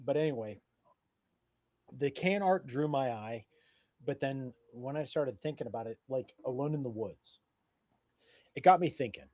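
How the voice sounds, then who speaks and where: A man talking loosely on a live drinking stream, profane and rambling, slightly drunk and burping now and then. His voice sits at a middling pitch. It sounds dry, with little room echo. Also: moderate pace, pauses often, darkish tone. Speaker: co-host of a live beer-tasting stream. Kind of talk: casual drinking-stream chat.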